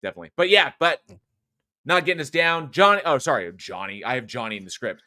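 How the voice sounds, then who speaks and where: A man's voice: mid-range voice, lively intonation, fast, pushed and bright, dry recording, studio quality. A man hosting a horror podcast in casual live chat, rambling and chuckling as he reads viewer comments. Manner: rambling, chatty, many restarts and chuckles. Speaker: podcast host.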